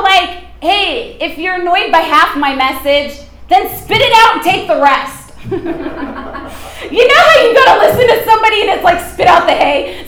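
High-voiced woman preacher, animated, emphatic, laughing, roomy echo. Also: a little hiss or hum. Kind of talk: informal sermon.

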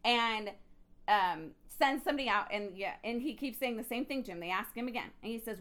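Woman teaching bible study, kinda high voice, chatty and animated with lots of asides. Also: fairly quick.

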